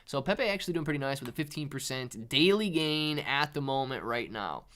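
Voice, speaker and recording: A man hosts a casual livestream about markets, talking in an animated, mid-range voice that's fairly quick and a bit bright. He's chatty and keeps calling viewers dude and man.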